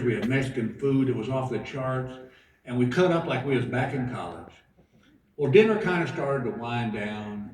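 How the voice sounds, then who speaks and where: On a casino theater stage, a middle-aged man does stand-up, telling self-mocking stories and acting out every quote. His medium-pitched, darkish voice sounds far from the mic in an echoey hall recording with crowd noise and audience laughter.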